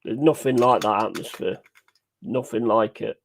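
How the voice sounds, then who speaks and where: A man chatting casually and excitedly over a live match, swearing freely and rambling through stories. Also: lowish voice, normal speed, creaky. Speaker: watch-along streamer.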